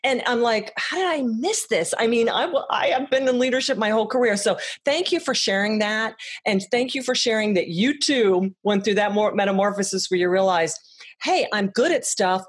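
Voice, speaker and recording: A woman's voice: fairly high pitch, slightly rough. A woman hosting a podcast interview, enthusiastically reflecting on her guest's points. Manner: enthusiastic, affirming, quick to reflect back. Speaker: podcast host. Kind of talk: interview conversation.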